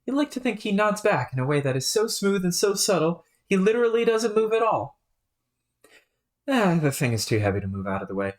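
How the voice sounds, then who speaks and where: A woman streaming a webcomic read-aloud, talking in a relaxed, rambling way with many fillers. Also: mid-range voice, brisk.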